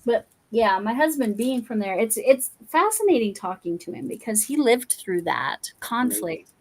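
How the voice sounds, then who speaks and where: A woman's voice: a little high, animated, normal speed. A woman from Colorado hosting a casual livestream chat while crafting, curious and musing aloud. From Colorado, USA. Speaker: host.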